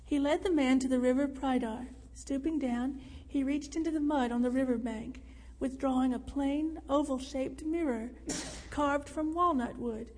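A woman narrating a story in a measured, expressive reading. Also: high voice. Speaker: audiobook narrator. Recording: reverberant room.

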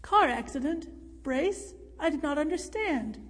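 A woman's voice: high voice, lively intonation, measured pace. A woman voicing a burly, cheerful man who speaks in a formal, old-fashioned way. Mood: hearty. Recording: reverberant room.

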